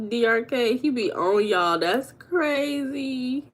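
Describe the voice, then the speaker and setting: With a slightly high, animated voice and a slow delivery, this woman from the United States chats with her live stream viewers. She's talkative, calls them "baby" and "girl," and laughs a lot.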